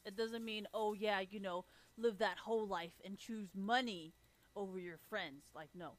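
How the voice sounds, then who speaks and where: This woman's livestream is a profane ranting monologue, full of constant swearing, blunt remarks and sarcasm. She speaks at a normal speed in a mid-range voice.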